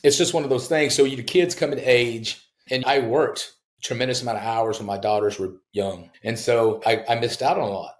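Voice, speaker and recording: Brisk and barely pausing, a male home builder shares casual stories as a guest on a podcast, with a roomy sound to the recording. His lively delivery has him act out quoted people through dramatic pitch jumps.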